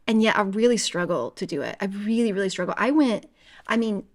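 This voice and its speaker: Woman podcast co-host, mid pitch, casual and animated, talks in quick rambling bursts. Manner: chatty, animated, lots of fillers and acted-out inner voices. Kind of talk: casual book-club chat.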